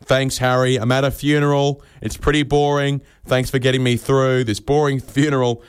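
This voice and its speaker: A man's voice: medium pitch, flat delivery, moderate pace, clear, resonant tone, dry recording. An Australian man hosting a comedy radio show, spinning a rambling, absurd monologue with stammered restarts.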